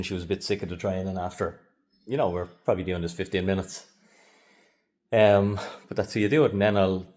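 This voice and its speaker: A man training his dog on camera, calmly explaining each step and breaking off for short commands and upbeat praise to the dog. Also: deep voice, far from the mic. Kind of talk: hands-on training demonstration. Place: indoor training room. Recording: echoey room, voice off-mic.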